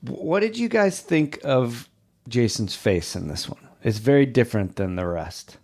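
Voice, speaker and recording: A man with a lively, swinging intonation chats as a podcast co-host. He jumps in with quick asides and trivia. The talk is casual and loose. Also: mid-range voice. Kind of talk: casual chat.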